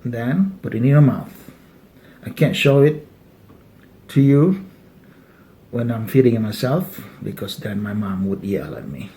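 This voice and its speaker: A Malaysian cultural etiquette instructor patiently guides viewers step by step through a casual eating demonstration at a dining table, dropping small jokes as he goes. His medium-pitched voice is animated and mellow, a little slow, with long pauses.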